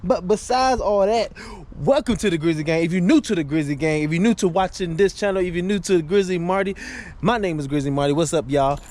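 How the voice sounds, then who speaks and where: A man's voice: high-pitched, fast talker, a little mellow. A man chatting casually to his viewers, laid-back and slangy, rambling with fillers, recorded outdoors by his car and then inside it. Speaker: car vlogger. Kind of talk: casual vlog chat. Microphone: handheld camera. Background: car engine and street noise.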